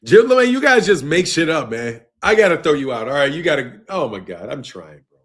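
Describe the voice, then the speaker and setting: A man's voice: a little high, big pitch swings, brisk, fairly bright tone. A young man hosting a boxing live stream, laughing and swearing as he argues with viewers' comments. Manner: exasperated, profane, laughing, arguing with commenters. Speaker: boxing channel host.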